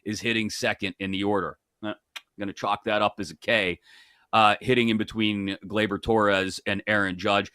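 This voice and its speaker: A man's voice: fairly low pitch, dry recording, studio quality. Man hosting a betting show. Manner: chatty, joking, animated asides. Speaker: sports betting show host. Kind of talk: casual sports betting chat.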